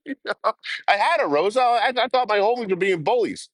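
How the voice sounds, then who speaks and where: A man's voice: sits high, very animated, moderate pace, long pauses, dry recording. Laughing, swearing man chatting with viewers. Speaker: livestream host. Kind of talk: casual livestream chat. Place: outdoors while traveling by train.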